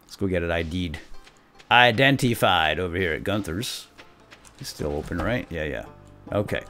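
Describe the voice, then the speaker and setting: A young man hosting a casual let's play, goofing around and jumping between squeaky put-on voices and low mumbles. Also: expressive, normal speed, sharp tone, faint music behind. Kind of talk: casual gameplay commentary.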